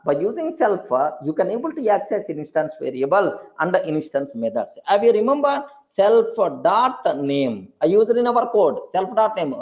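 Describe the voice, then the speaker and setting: Lively, high-voiced man teaching programming. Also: moderate pace, hardly any pauses. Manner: repeats points, checks for understanding often. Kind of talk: classroom lecture. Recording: dull lo-fi recording.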